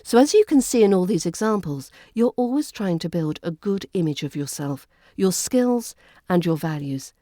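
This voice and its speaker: A woman with a British RP accent, hosting a podcast lesson in a clear, measured, well-enunciated delivery. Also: on the low side, expressive, warm tone, dry recording, studio quality. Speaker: accent coach and podcast host.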